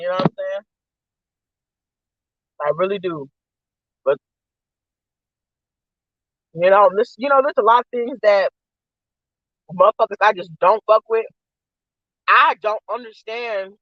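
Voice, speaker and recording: High-pitched man, profane rambling streamer, dry close sound, muffled lo-fi. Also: no room sound. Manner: profane, ranting and venting. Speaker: live-stream host. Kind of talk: casual rambling live-stream chat while eating.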